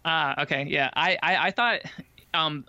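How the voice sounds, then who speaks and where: A man chatting casually about a film, talking in quick runs with many fillers and restarts. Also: fairly high pitch, bright, forceful tone, smooth, no room sound, muffled recording.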